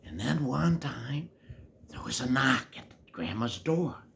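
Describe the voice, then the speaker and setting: An older man telling a children's story, animated and playful, dropping into whispery asides. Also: medium pitch, slow, vocal fry, a little hiss or hum.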